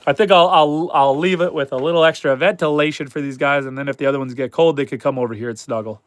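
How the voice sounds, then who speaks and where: A man from Canada talks casually through a homesteading livestream, reading out comments and chatting to his chickens. His voice sits a little high for a man and sounds stuffy and a touch hoarse from a head cold. The sound is dry and close, with no room echo. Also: steady tone, fast. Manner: chatty and upbeat, talks to chat and animals.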